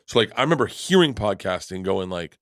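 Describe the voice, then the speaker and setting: A middle-aged man, a guest comedian, telling animated, rambling stories in a casual podcast chat and swearing freely. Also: lowish voice, a little fast, no room sound, clean studio sound. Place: podcast studio.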